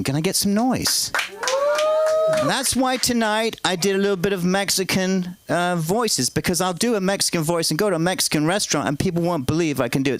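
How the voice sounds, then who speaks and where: High, lively rambling stand-up comic. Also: male voice, poor audio. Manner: rambling, absurd deadpan storytelling. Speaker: open mic comedian. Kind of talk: stand-up comedy. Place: comedy club stage.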